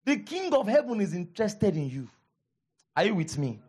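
A man with a Nigerian accent preaching a sermon as pastor, animated, repeating his lines for emphasis and calling out to the congregation. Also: sits high, normal speed, slightly rough.

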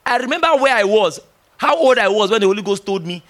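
Male preacher, middle-aged, high-pitched, emphatic, teasing sermon delivery. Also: fast. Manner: animated, emphatic, teasing, with laughs and acted-out dialogue.

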